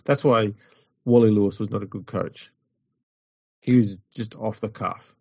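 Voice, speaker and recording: Gravelly low-voiced man. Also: steady tone, measured pace, dark tone, no echo. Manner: rambling, wry, jokey. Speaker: podcast co-host. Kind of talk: casual chat. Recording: dull lo-fi audio.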